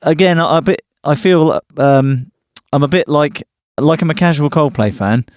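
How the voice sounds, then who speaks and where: A man's voice: on the high side, moderate pace, darkish tone, no echo, clean studio sound. A man co-hosting a podcast, chatting casually about an album with friends and laughing easily. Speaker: podcast co-host. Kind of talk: casual music discussion.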